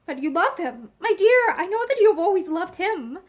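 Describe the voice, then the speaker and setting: A woman reading aloud voices a gentle man who speaks slowly and earnestly, held back by feeling. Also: extremely high pitch, big pitch swings, voice pushed up. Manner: slow, labored, earnest. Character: plain-faced man, gentle and restrained.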